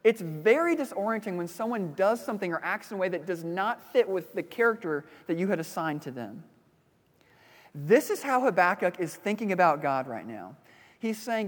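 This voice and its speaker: A man's voice: sits high, big pitch swings, normal speed. Guy pastor giving a sermon, chatty storyteller, um and uh a lot, big reverby church sound. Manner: storytelling with conversational fillers.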